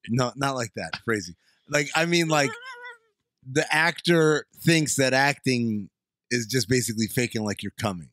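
A male podcast co-host riffing jokily in casual chat. His voice has a mid pitch and is recorded dry, with no room sound. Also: moderate pace, fairly bright tone, no echo. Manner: jokey, riffing.

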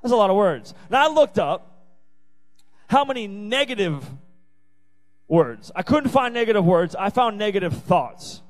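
A man preaches to young people in a high, bright register. He hammers points home through repetition and breaks in with playful asides. Faint music sits underneath his voice. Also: big pitch swings, a little slow, long pauses, low-quality recording. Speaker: youth pastor. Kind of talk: youth sermon. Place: youth service venue.

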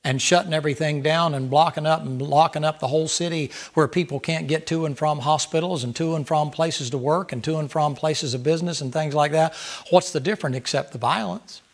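A male pastor preaching a Bible study sermon, emphatic, full of rhetorical questions, swinging between loud outbursts and quieter asides. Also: fairly high pitch, brisk.

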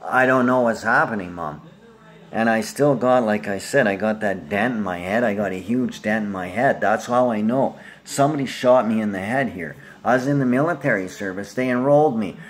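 A man's voice: on the low side, fairly quick, hardly any pauses. A man with an Australian accent talking in a loose, rambling monologue that jumps from topic to topic and is addressed to his family.

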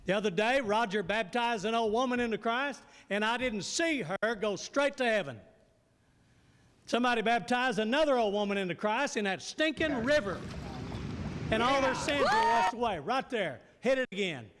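A man with a high voice preaches a sermon in a church sanctuary, and the room rings with a long reverb. He keeps asking his congregation questions and waiting for them to answer back. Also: big pitch swings, moderate pace, fairly bright tone.

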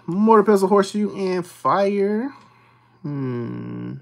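Slow-talking scratch-off streamer. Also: medium pitch, gravelly, a little hiss or hum. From Texas. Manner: reads symbols aloud in a steady list, dropping to hushed mutters when checking. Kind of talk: casual play-by-play of scratching tickets.

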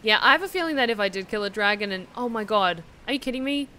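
Casting note: woman streamer, bright, forceful voice, chatty and foul-mouthed, loose live-stream delivery. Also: mid-range voice, lively intonation, fast, a little hiss or hum. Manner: chatty, swears freely, talks to chat. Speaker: streamer and hobby voice actor. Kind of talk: casual live-stream chat while gaming.

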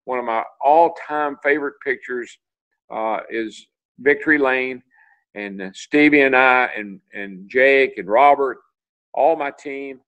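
An older man from Tennessee spins rambling stories over a video call, stumbling and restarting as he goes. He jumps way up in pitch whenever he acts out what other people said. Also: unhurried, fairly bright tone, low-quality recording. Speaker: interview guest, retired racing driver. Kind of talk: storytelling in a video call interview.

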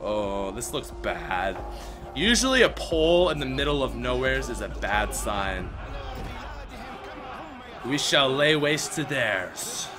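A man's voice: mid-range voice, big pitch swings, slow, over music. A young Canadian man casually commenting as he plays a shooter, joking and repeating lines from the game. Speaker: gamer playing a shooter.

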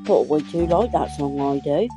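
A woman playing a co-op game, unhurried, giving short replies and reading off her quest list. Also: low-pitched. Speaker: co-op player. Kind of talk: casual co-op gaming chat. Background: game music.

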